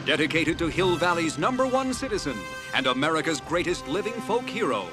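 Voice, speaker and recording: A man doing a booming showman museum announcer. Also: sing-song, brisk, loud music behind the voice. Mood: grandiose.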